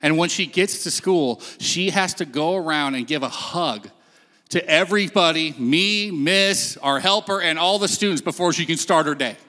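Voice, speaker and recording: A man's voice: fairly high pitch, moderate pace, bright, forceful tone. A man telling a Bible story on stage in a casual, storytelling way, acting out the quotes. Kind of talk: sermon-style talk. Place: stage in a large hall. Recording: long hall reverb.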